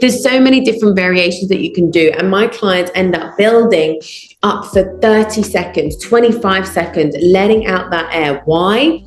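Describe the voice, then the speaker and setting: A woman's voice: medium pitch, normal speed. Woman coaching breathing in an echoey room. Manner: encouraging, instructive, counts out breaths. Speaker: voice and public speaking coach. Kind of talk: guided breathing lesson. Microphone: video call.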